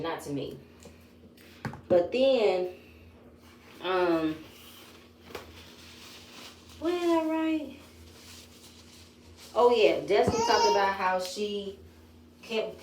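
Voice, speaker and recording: A woman with a lowish voice runs through a reality TV episode in a casual, opinionated way. She retells the scenes in her own words. The room around her is echoey, with a faint noise underneath. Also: a little mellow. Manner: chatty, opinionated retelling with quoted lines. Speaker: reality TV recap vlogger.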